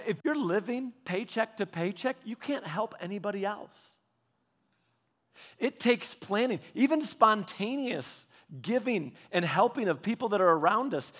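A man's voice: high voice, fairly bright tone. A man in his thirties preaching, telling rambling personal stories in a casual, chatty way with frequent restarts. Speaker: pastor.

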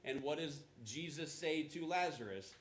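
A male pastor delivers a sermon in a loose, conversational way, with asides to the congregation. His voice sits a little high. The sound carries the echo of a large church room. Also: animated, moderate pace, a little hiss or hum. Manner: conversational preaching, asides and acted quotes. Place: church auditorium.

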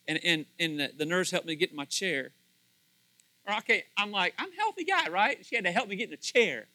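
Bright high-voiced preaching man. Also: moderate pace, no room sound, poor audio. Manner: animated, conversational, repeats words, acts out quotes. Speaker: pastor. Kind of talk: sermon.

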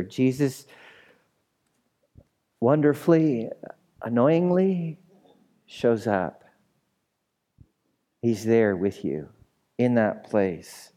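A male pastor delivering a slow, unhurried sermon with a dark, mellow tone. He calls out to the congregation for responses and moves from loud, dramatic urging down to hushed, near-whispered lines. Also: medium pitch.

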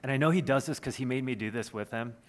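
Earnest pastor preaching conversationally. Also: male voice, medium pitch, fast talker. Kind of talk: sermon.

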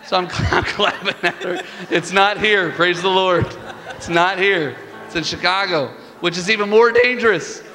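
Animated preacher man in a big hall. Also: high-pitched, moderate pace. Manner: animated storytelling, building to fervent peaks. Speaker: pastor. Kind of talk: sermon. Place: church sanctuary. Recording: reverberant hall with music behind.

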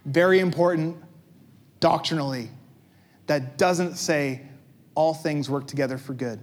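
Guy pastor preaching, high voice, chatty, asks the crowd stuff and cracks jokes. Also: a little slow. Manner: conversational, joking preaching with rhetorical questions. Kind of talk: sermon.

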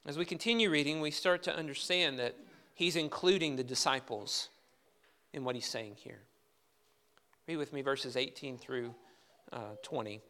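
A man's voice: medium pitch, normal speed, pauses often, sharp tone. A man preaching a sermon as pastor, talking in a conversational way with rhetorical questions and reading scripture with emphasis.

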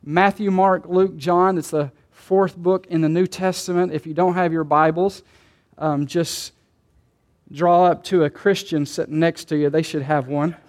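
Man, pastor, sermon, high voice, conversational, joking asides. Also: fairly even intonation, unhurried. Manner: conversational preaching with rhetorical questions and light jokes.

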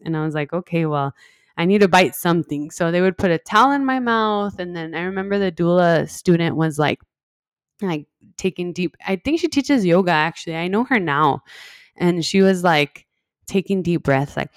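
A woman's voice: fairly low pitch, fairly quick, dry recording. Chatty woman telling a story, dry sound. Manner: animated, heavy use of "like", acts out quoted lines. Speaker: podcast guest. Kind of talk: casual storytelling.

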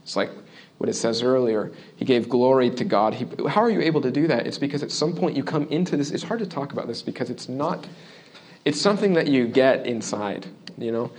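A pastor delivers a brisk, earnest sermon in a conversational style. He keeps checking in with his listeners, swinging between loud emphasis and quiet, low asides.

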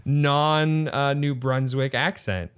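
Lively-voiced rambling man. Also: medium pitch, fairly quick. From Canada. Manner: chatty, rambling, restarts a lot. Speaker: podcast co-host. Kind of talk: casual movie riffing chat.

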